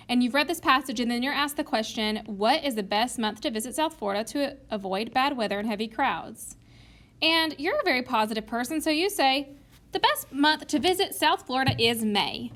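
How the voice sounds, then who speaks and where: A woman teacher talks her students through a writing strategy in a recorded video lesson. Her voice sits a little high, and she explains patiently, step by step, voicing both sides of a made-up argument.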